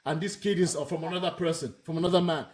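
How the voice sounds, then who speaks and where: A man with a high voice leads a live panel discussion. He talks bluntly and with heat, hammering his points home by saying them again and again. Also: fast talker. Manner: blunt, emphatic, repeats himself. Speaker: host.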